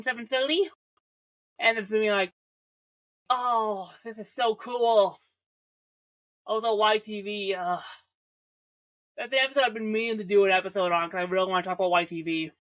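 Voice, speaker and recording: A young adult woman from Canada, medium-pitched and a bit bright, rambles through a chatty review of an old teen show. She keeps restarting sentences, says "like" a lot, and throws in jokes.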